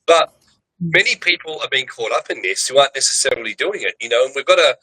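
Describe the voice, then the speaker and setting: A man's voice: mid-range voice, lively intonation, fast talker, pushed and bright, breathy edge, low-quality recording. A man telling a story emphatically in a casual video-call chat, rambling with many restarts.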